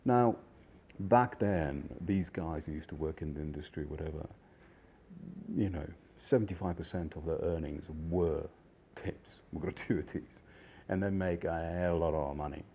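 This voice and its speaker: A man, a chef, telling stories from his career in a rambling, animated way with many fillers. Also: very deep voice, normal speed, muffled recording, a little hiss or hum. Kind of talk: casual storytelling.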